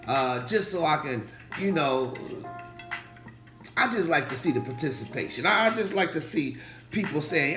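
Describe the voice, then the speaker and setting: A slightly hoarse man, a pastor hosting a faith livestream, talking casually and animatedly, repeating phrases and calling out to viewers in the chat. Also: a little high, lively intonation, normal speed. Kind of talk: casual livestream preaching talk. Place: indoor room, livestream. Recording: echoey room with faint music.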